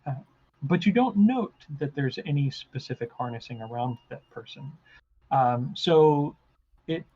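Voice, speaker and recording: A man's voice: medium pitch, animated, unhurried, dark tone, husky, dull audio. Hesitant man running a tabletop game. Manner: hesitant, full of ums and restarts. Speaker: game master.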